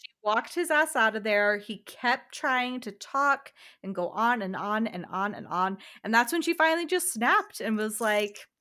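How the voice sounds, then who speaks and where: A young woman co-hosting a casual podcast, bubbly and quick to laugh while recapping a reality show. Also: fairly high pitch, animated, bright, forceful tone. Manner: bubbly, laughs often, many fillers. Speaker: podcast co-host.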